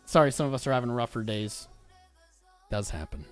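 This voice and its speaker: Man, livestream host, casual chatty trading commentary, upbeat, mid pitch, faint background music. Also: expressive, a little fast, clear, resonant tone. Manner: upbeat, chatty, reads viewer comments aloud.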